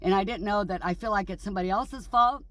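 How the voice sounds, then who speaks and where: A woman's voice: medium pitch, fast, a bit bright. A middle-aged woman in a casual vlog monologue, grieving and angry, rambling bluntly and swearing freely. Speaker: vlogger.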